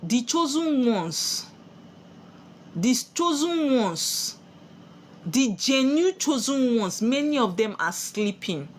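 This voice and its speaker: A woman's voice: high voice, very animated, takes it slowly, a little hiss or hum. A woman with a Nigerian accent giving a spiritual sermon, preachy and full of rhetorical questions she answers herself. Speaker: spiritual teacher.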